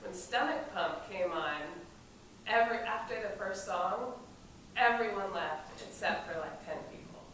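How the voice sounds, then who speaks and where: A woman recounts an old anecdote in a slow, casual way, often laughing and cursing as she tells it. Her voice comes from far off in a very echoey room. There is a steady hum of noise behind her. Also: mid-range voice. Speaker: storyteller at a memorial event. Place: event space during a film screening.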